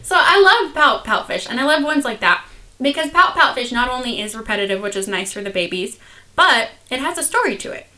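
A young woman in easygoing conversation, quick to laugh and full of little fillers. Her voice is bright and sits a touch high. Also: very animated. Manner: chatty, giggly, lots of fillers. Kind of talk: casual chat.

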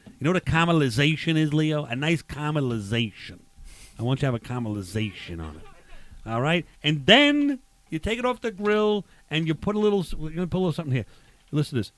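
A man's voice: fairly high pitch, a bit bright, dry recording. A man hosting a comic barbecue cooking bit, talking in a rambling tough-guy drawl.

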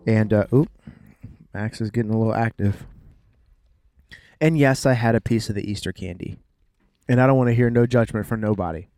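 A man's voice: fairly low pitch, fairly quick, long pauses, mellow, clear, resonant tone, no echo, studio quality. A man in his thirties, chatting casually with his wife while driving, with playful jokes and asides. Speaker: vlogger, father. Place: car.

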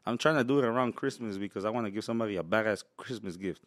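A man's voice: lowish voice, racing, no echo, studio quality. A man chatting casually as a podcast guest, laid-back, swearing and laughing often. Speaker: podcast guest, truck brand owner. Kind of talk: casual chat.

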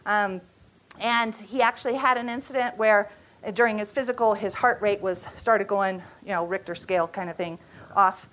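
A woman in her forties teaching at a church retreat, speaking earnestly with halting restarts and an emotional storytelling manner. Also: medium pitch, fairly even intonation, a bit bright, low-quality recording.

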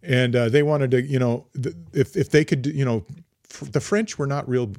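A man's voice: mid-range voice, normal speed, a little mellow, no room sound. Male podcast co-host, chatty storyteller, frequent restarts, dry studio sound. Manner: rambling, many fillers and restarts. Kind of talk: casual history chat.

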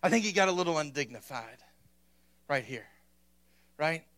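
A man's voice: fairly high pitch, lively intonation, moderate pace, fairly bright tone. A male pastor preaching an emphatic sermon, constantly checking in with the congregation. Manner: emphatic, punctuates points with "amen?".

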